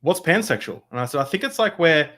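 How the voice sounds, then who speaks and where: A man hosting a podcast in casual chat, lively and quick, dropping low when quoting hushed talk. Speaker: podcast host.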